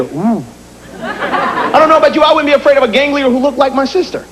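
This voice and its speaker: High-voiced, animated male stand-up comic. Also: fast talker, background noise. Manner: animated, punchy, mimics people. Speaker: stand-up comedian. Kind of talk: stand-up comedy. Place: comedy club stage. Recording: live club, loud crowd and music.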